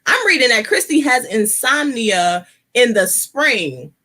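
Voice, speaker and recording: A woman from the United States chatting casually as a co-host, giggly and animated, squealing when excited. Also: on the high side, a little slow, a loud crowd. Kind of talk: casual chat.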